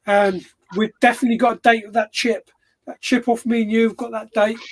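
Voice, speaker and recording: High-voiced man hosting a podcast. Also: little pitch movement, fairly quick, a little hiss or hum. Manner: cheeky, jokey banter. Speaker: podcast host. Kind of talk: casual live podcast chat.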